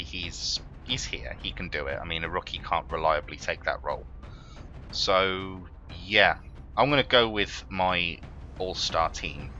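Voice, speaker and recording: A man's voice: low-pitched, bright, forceful tone, muffled recording. A man commentating his own strategy game run, swearing and prone to exasperated outbursts. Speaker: gaming let's player. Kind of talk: let's play commentary.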